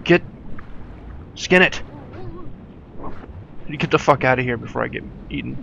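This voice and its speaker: A young man talks over his gameplay in a gravelly, mid-pitched voice, swearing and giving nervous laughs. He takes his time between words, and a faint noise sits under the recording. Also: a little slow, pushed and bright, muffled recording. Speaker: gamer. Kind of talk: let's play commentary.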